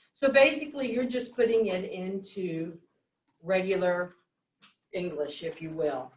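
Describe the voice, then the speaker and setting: A woman's voice: fairly low pitch, unhurried, a little mellow. A woman teacher leading a reading lesson, explaining step by step and asking the class questions. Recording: echoey classroom, mic at a distance.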